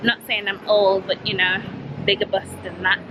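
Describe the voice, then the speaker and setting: A young woman from Yorkshire with a Yorkshire accent tells a shopping story in a casual vlog, blunt and animated, acting out both sides of the exchange. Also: mid-range voice, moderate pace, background noise. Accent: Yorkshire English. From Yorkshire, England. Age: young adult. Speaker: vlogger.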